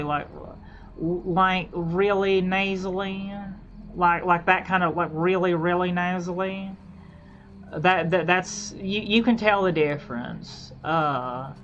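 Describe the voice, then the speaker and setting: Slow, rambling woman streamer. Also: lowish voice, a bit bright, dull audio, a little hiss or hum. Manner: halting, repeats and restarts phrases. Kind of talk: casual rambling chat while gaming.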